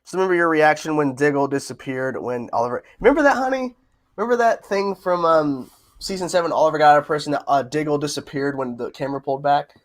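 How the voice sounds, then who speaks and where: A man's voice: a little high, quick pace. A man hosting a casual livestream, reading out viewer questions and answering in a chatty, repetitive way with frequent laughs. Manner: chatty, laughs often, repeats himself. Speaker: livestream host.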